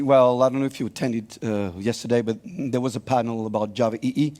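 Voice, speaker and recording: Man, French accent, native French speaker, mid pitch, relaxed explaining, conference stage. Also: a little fast. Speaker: conference co-presenter. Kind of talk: live panel-style chat on stage.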